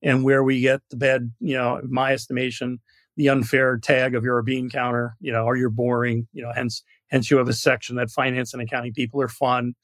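A man from New York, a guest on a podcast interview, who tells stories in an animated way and uses many "you know" fillers. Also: mid-range voice, brisk, dry recording. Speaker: guest, product marketing director.

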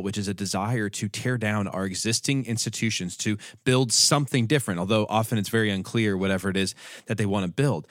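A man's voice: medium pitch, dry recording, studio quality. A man co-hosting a podcast, explaining history in a conversational way and laughing easily between points. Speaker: podcast co-host.

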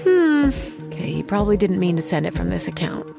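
An actress playing a sharp, wry young woman hacker in an audio drama, talking to herself in sardonic asides. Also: fairly low pitch, very animated, fairly quick, gravelly, music in the background, exaggerated voice. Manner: wry, sardonic inner monologue. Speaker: hacker protagonist.

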